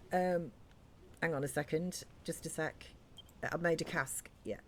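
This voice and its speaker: Lady streamer chatting while gaming, lowish voice, bit of hiss. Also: fairly even intonation, measured pace. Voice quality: soft, rambling with fillers. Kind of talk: casual live-stream chat while gaming.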